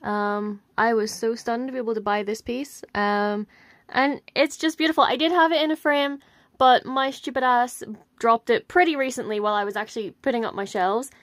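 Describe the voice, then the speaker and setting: A woman's voice: a little high, normal speed, a bit bright, dry recording. A young woman casually showing off her collection in a vlog, gushing and enthusiastic with lots of ums and repeated words. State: slightly out of breath. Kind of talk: casual show-and-tell vlog.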